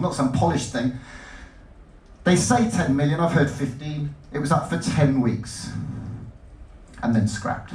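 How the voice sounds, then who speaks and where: Excitable male speaker, fairly high voice, stage talk, roomy distant sound. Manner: animated, jumpy, self-interrupting. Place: lecture hall. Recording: roomy hall, mic at a distance.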